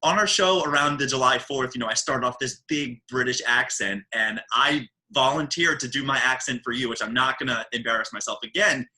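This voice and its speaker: Host: chatty American man, very bright forceful tone, mid pitch, jokey. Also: a little fast, few pauses, low-quality recording. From Baltimore, USA. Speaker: podcast host. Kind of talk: casual chat.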